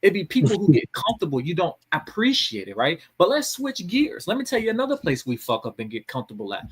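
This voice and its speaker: Husky guy preaching on a podcast, voice jumps all over. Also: high voice, huge pitch swings, fast. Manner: preachy, emphatic, swears freely. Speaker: podcast host. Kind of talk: casual podcast chat.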